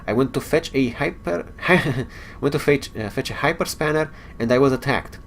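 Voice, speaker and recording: A man's voice: mid-range voice, moderate pace, vocal fry, slight background noise, pitched above the performer's own voice, close to an everyday voice. Scotty, read by a man in a raised voice. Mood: earnest. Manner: reads game dialogue aloud in a raised plain voice, no accent. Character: male starship engineer, friendly and worried.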